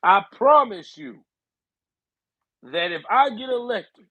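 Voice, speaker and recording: Elderly male politician, high voice, stammering, evasive, mumbling, as a man imitates him. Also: animated, slow pace, bright, forceful tone, exaggerated voice, low-quality recording. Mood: placating. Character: doddering old male politician, rambling and evasive.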